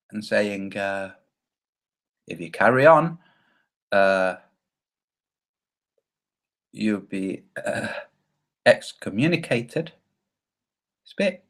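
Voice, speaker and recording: Male commentator, calm and hesitant, very animated pitch. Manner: measured, hesitant with many fillers. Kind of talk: reaction commentary.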